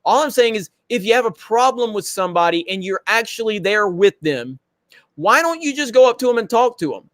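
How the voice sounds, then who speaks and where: A man's voice: high voice, sing-song, a little fast, a bit bright, no echo, studio quality. A man hosting a casual livestream chat, blunt and confrontational, with frequent swearing. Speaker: show host.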